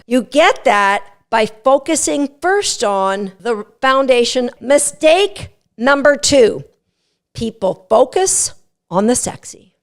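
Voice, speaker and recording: A high-pitched woman with a gravelly edge teaches dog agility on a podcast. She speaks in an animated, emphatic and playful way, leaning hard on her key points. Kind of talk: instructional podcast talk.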